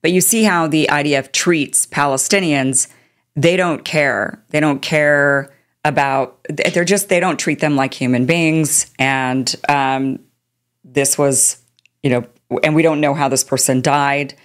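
Woman, host, low voice, political commentary, sarcastic, indignant. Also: steady tone, measured pace.

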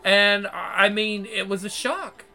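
A male vlogger with a high-sitting voice rants to his viewers at a slow pace, his intonation fairly even and his tone creaky and sharp. The profane monologue is crude, repetitive and exasperated, full of constant swearing, with soft music in the background.

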